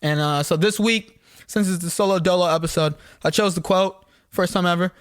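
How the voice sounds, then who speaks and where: A man's voice: high voice, brisk, clear, resonant tone, no room sound, studio quality. A young man, co-hosting a podcast and telling casual stories with lots of swearing. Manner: swearing, animated storyteller. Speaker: podcast co-host. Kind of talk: casual storytelling chat.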